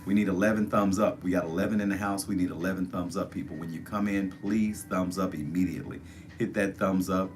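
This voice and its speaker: A man's voice: sits low, fairly even intonation, a little fast, a little hiss or hum. A man hosting a casual livestream, repeatedly urging viewers to join the chat and give thumbs up. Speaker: livestream host.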